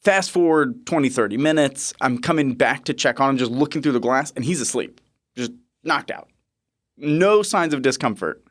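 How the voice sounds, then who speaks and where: A man in his thirties, a podcast host and nurse, telling a story in a lively, chuckling way. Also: medium pitch, normal speed. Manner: lively, chuckling, animated retelling. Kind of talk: casual storytelling.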